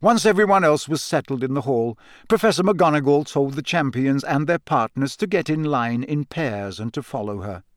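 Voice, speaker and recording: A man narrating a storybook in a steady reading voice, raising his pitch for the girls' quoted lines. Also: normal speed, hardly any pauses, dry recording, clean studio sound. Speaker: audiobook narrator. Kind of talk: scripted narration.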